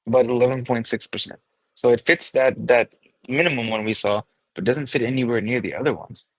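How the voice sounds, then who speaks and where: A man with a mid-range voice walks through chart analysis in a casual podcast. He explains each step in a steady, plain way, recorded close and dry. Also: medium pitch, fairly quick, no room sound, poor audio.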